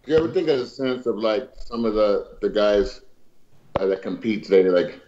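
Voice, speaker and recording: A man in his fifties telling a story in casual chat, animated and laughing as he acts out dialogue with slang. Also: on the low side, normal speed, lo-fi sound. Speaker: guest.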